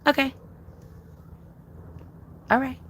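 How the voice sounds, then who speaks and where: A woman's voice: very slow, dry recording. A young woman chatting casually with her viewers on a livestream, profane, emphatic and sassy, repeating her points.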